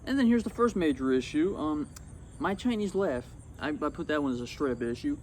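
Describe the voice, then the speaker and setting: A young man talking casually about his old video on his phone outdoors, rambling and excitable. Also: fairly high pitch, a little fast, a little hiss or hum. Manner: rambling and excitable, swats at bugs. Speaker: YouTuber. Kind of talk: casual vlog commentary. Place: outdoors among insects.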